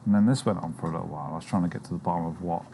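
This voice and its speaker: Lowish-voiced man telling a story. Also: racing, creaky. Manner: animated storyteller, jumps high to quote others. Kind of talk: casual chat, storytelling. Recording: noisy background.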